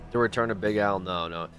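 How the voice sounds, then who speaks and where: Man, game streamer, low-pitched voice, casual joking chatter, soft music underneath. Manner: loose, joking, swears, talks to chat as "dude" and "folks". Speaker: livestreamer. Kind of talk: casual gameplay stream chat.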